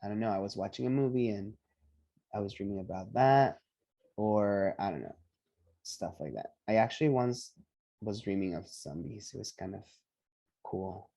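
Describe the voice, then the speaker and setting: A man teaching English pronunciation on a video call, patiently repeating each word slowly for his students. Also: on the low side, vocal fry, dark tone. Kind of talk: online pronunciation lesson.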